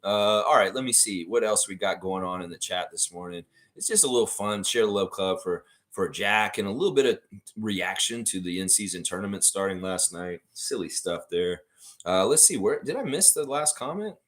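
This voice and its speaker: A man's voice: fairly low pitch, normal speed, fairly bright tone. A man hosting a livestream, chatting casually and reading out viewer comments in a rambling way, laughing often. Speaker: livestream host.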